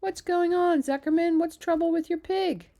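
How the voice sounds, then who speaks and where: A woman reading a storybook aloud and voicing a pompous male fair announcer who makes long, formal speeches over a loudspeaker. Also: fairly low pitch, a little slow, natural voice. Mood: alarmed.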